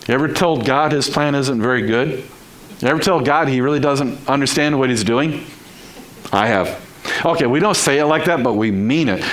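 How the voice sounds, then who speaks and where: A man delivering a sermon, talking to his congregation like a friend. He keeps asking rhetorical questions. His voice sits a little high. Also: expressive, moderate pace, a bit bright, poor audio. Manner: conversational preaching with rhetorical questions. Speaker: pastor.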